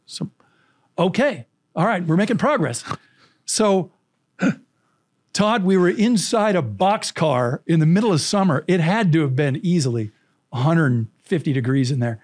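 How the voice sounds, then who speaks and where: Brief: male guest from California, lively storyteller, higher voice, dry booth sound. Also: unhurried, dry recording. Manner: animated, vivid anecdotal storytelling with acted quotes. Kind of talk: interview storytelling.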